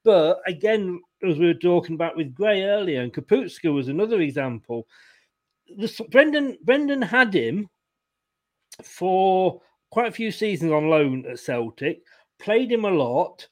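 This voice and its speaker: A man's voice: sits high, very animated, a little slow, darkish tone. A man hosting a casual football fan show, chatting and reading out viewer comments with stumbling restarts and easy laughter. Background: home setting.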